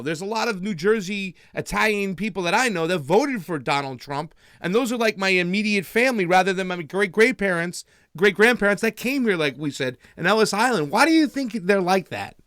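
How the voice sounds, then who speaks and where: A young man hosting a casual political interview, who asks quick, conversational questions with laughing asides. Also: high voice, animated, a bit bright, no room sound, studio quality. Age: young adult. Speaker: show host.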